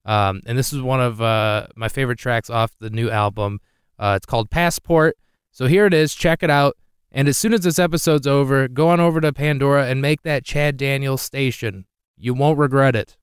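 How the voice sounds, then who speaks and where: A man's voice: mid-range voice, normal speed, clean tone, dry recording. Podcast host guy, super clean voice, dry studio sound, upbeat plug. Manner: upbeat, plugging a guest. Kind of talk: podcast promo read.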